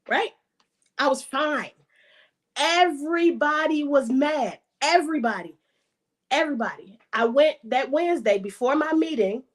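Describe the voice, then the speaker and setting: A woman's voice: high-pitched, lively intonation, unhurried. A woman telling a personal faith story on a podcast, emphatic and repeating phrases for emphasis. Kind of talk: casual faith testimony on a podcast.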